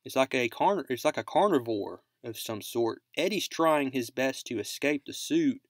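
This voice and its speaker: A man recaps a comic issue in a loose, rambling way, tossing in "basically" and "like" as he goes. His voice sits at an ordinary middle pitch. The sound is dry and close, with no room echo. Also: animated, moderate pace. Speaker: comic book recap host. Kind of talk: casual comic book recap narration.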